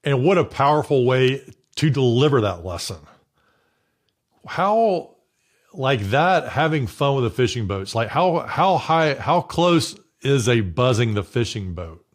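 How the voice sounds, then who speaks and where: A man's voice: medium pitch, sing-song, measured pace. A man hosting a podcast interview, asking curious, prompting questions. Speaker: podcast host.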